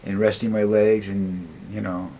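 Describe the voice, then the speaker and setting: An older man vlogging in a rambling, halting, blunt way, who tires easily. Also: lowish voice, flat delivery, darkish tone, a little hiss or hum. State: tires easily, dizzy after walking. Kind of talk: casual monologue.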